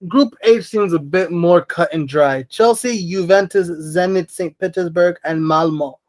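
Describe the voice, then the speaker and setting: A man hosting a sports podcast in casual chat, brisk and dryly teasing as he runs through lists. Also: high voice, darkish tone. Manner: brisk, lists teams rapidly with dry teasing. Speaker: podcast host.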